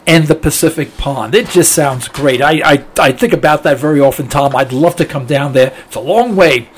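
A man's voice: fairly high pitch, breathy edge. A man hosting a talk show, rambling conversationally as he reads listener mail, with many fillers and restarts. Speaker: radio talk show host. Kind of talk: casual monologue reading listener mail.

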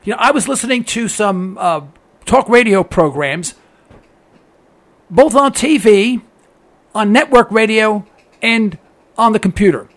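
A man's voice: sits high, expressive, unhurried, pauses often. A man delivering an opinionated monologue as a commentator, emphatic and sarcastic, hammering his points home by repeating them. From United States. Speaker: political commentator. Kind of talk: opinionated radio-style monologue.

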